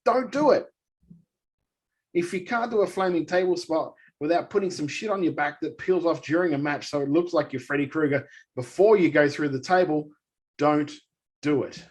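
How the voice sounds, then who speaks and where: Ranting man with a higher voice. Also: normal speed. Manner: animated, exasperated ranting. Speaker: podcast co-host. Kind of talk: casual ranting chat.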